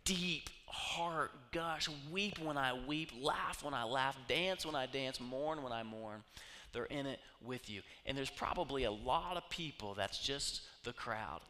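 A man preaching a sermon, telling stories with humor and swinging from loud bursts to hushed asides. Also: medium pitch. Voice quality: animated, jokey storytelling with sudden loud bursts and hushed asides. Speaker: pastor. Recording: long reverb of a large hall.

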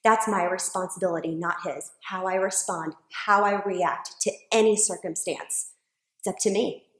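A woman's voice: on the low side, fairly even intonation, moderate pace. A woman co-hosting a faith-based conversation, earnest and emphatic, telling on herself. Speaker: co-host. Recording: echoey room.

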